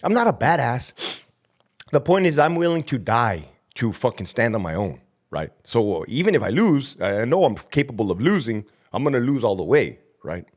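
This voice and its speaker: A man who is a former prison lieutenant hosting a vlog, ranting and rambling with profanity between long runs of viewer shout-outs. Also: medium pitch, sing-song, moderate pace.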